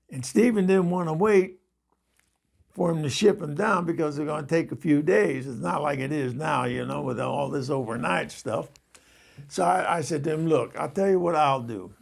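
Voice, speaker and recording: Gravelly older man spinning a yarn. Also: a little high. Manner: rambling, chuckling, confiding with listeners. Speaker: storyteller host. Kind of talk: comic anecdote telling.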